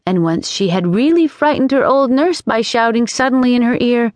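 A woman narrating an audiobook in a measured, gently expressive way. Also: on the high side, no echo. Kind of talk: scripted narration. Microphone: studio microphone. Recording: dry studio sound.

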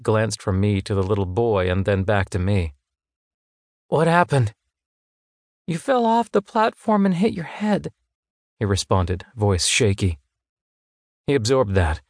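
A man narrating an audiobook in first person, with a fairly low voice. The sound is close and dry, with no room around it. He tells the story in a measured, engaged way. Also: dry recording.

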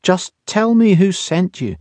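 Guy doing a proud young noble lady in a storybook, raised up high, guarded and crisp, lots of swing. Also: big pitch swings, measured pace, a little mellow, no echo.

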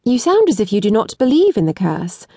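A woman's voice: a little high, huge pitch swings, a little fast, warm tone, dry recording, heavily acted. A reserved, proud young widow, as a woman narrator puts her on. She answers in guarded, formal phrases, never quite at ease. The recording is dry and close.

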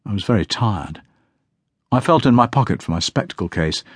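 A man reads a novel aloud in a measured, unhurried first-person narration. His voice is very low and deep, yet his intonation moves expressively. The recording is dry and close to the mic, with no room around it. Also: animated, husky, no echo. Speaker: audiobook narrator.

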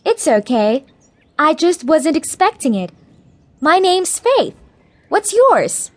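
A woman's voice: high-pitched, sing-song, slow pace, pitched above the performer's own voice, exaggerated voice. A woman doing a cheerful little mustard seed girl. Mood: encouraging. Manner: gentle, encouraging, bright. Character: cheerful young female talking mustard seed. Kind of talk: children's audiobook character voice.

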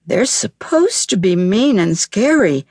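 A teasing young rhino sister who likes things mean and scary, as a woman reads her. She speaks slowly in a dry, close sound. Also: medium pitch, sing-song, a little mellow, no echo, pitched above the performer's own voice, exaggerated voice.

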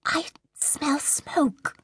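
A woman voicing a terrified female medium in a trance, with a shrill, breathy whisper and pleading words. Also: drawn-out words, fairly bright tone, no room sound, studio quality. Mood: uneasy. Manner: panicked, pleading.

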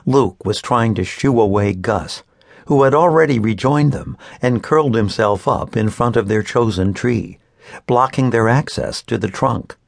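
A man narrating a children's audiobook in an expressive storytelling manner. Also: medium pitch, unhurried, vocal fry, no echo, clean studio sound. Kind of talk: scripted narration of a children's book.

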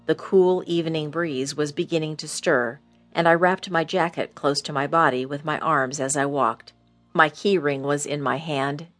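A woman narrating a first-person thriller audiobook in a steady storytelling voice. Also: deep voice.

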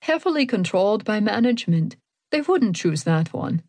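A woman reading the part of an old woman with a German accent who speaks in a calm, even, measured way. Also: medium pitch, dry recording.

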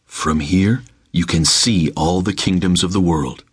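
A man voicing a cold, low tempting spirit. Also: measured pace, breathy edge, dry recording. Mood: coaxing.

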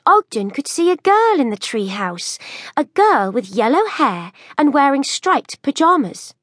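A woman reads a children's story aloud in a high, animated voice. She tells it slowly and expressively, in a dry, close recording. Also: no echo. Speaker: audiobook narrator. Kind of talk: children's audiobook narration.

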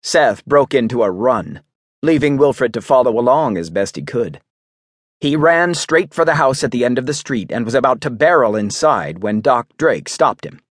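A man reads a western audiobook aloud in a husky, mid-pitched voice. He tells the story briskly and dramatically. The sound is dry and close, from a recording booth. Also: expressive, no echo. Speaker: audiobook narrator. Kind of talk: scripted narration.

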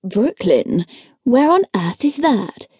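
A woman's voice: fairly high pitch, big pitch swings, slow, dark tone, slightly rough, no room sound, exaggerated voice. A woman narrator voicing a dry, teasing young male curate in an audiobook. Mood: wry. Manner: dry, teasing, matter-of-fact. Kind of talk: audiobook character voice.

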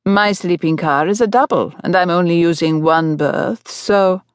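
A woman's voice: on the low side, moderate pace, smooth, no room sound, clean studio sound, lightly acted. A woman voicing a confident, teasing young man in an audiobook. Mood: playful. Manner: playful and joking.

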